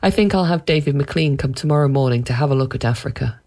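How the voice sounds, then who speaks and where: A woman's voice: extremely low pitch, fast, a little mellow. A woman reading the lines of a worried, stern middle-aged father in a storybook, barely changing her own voice.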